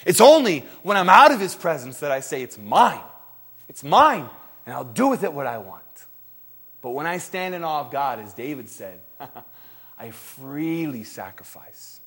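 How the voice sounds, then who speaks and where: A man preaching a sermon, swinging between loud emphatic peaks and hushed low lines, acting out the voices he quotes. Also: normal speed. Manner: animated, acts out quoted voices, laughs now and then.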